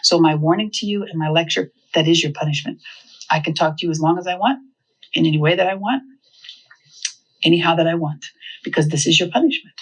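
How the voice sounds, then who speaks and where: A woman giving a humorous, animated seminar talk on parenting. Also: low-pitched, fairly quick, pauses often, slightly rough, low-quality recording. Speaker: parenting speaker.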